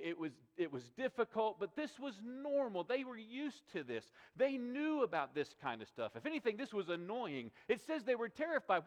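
A male pastor preaching a sermon, emphatic and repetitive, asking rhetorical questions of his congregation. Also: high-pitched. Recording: long reverb of a large hall.

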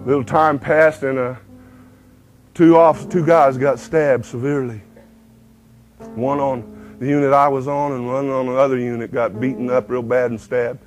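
A man's voice: mid-range voice, little pitch movement, normal speed, soft background music, poor audio. A man giving a folksy testimony sermon, breaking now and then into lines of a hymn. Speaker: preacher giving his testimony.

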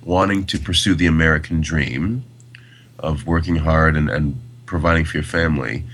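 A man's voice: rumbling low, steady tone, normal speed, fairly bright tone. A man co-hosting a podcast, talking about a film casually in a rambling way with many fillers. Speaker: podcast co-host.

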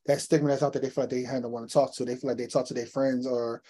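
A man's voice: mid-range voice, level tone, very fast, dark tone. A man hosting an interview, asking long, loose questions peppered with "you know" and addressing his audience. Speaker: host. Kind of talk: conversational interview.

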